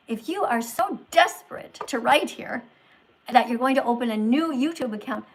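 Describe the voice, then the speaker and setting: A woman hosting a livestream as a teacher, lecturing and scolding her viewers in a moralizing tone that swings between loud and soft. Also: sits high, rough recording. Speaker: livestream host posing as a teacher.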